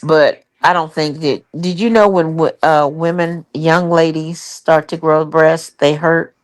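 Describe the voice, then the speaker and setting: A woman's voice: sits low, a little slow. An older woman, a comedian guest, telling candid, profane stories in an interview and acting out the people in them. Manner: profane, animated storytelling with voiced quotes.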